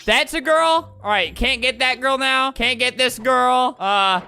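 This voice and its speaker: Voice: sits high, unhurried, vocal fry, sharp tone, smooth, soft background music. A video creator giving casual, sarcastic commentary over gameplay. They sound exasperated and laugh often.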